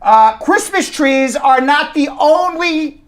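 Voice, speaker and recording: A man's voice: extremely high pitch, animated, takes it slowly. Rambling, laughing man co-hosting a radio show. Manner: rambling, laughing, self-correcting, teasing. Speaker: immigration attorney and co-host. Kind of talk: live radio and stream banter. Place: law office studio.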